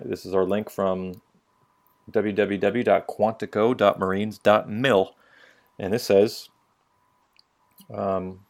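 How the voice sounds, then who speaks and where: A man's voice: on the low side, darkish tone. A young man telling stories on a casual opinion podcast, blunt and profane. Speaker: podcast co-host.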